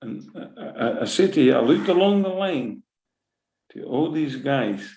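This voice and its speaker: A middle-aged man with a Scottish accent speaks in an emotional, animated interview. His voice is gravelly, and he keeps circling back with "right?" and "eh?" as he tells his stories. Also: on the high side, measured pace, rough recording. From Scotland. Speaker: football manager.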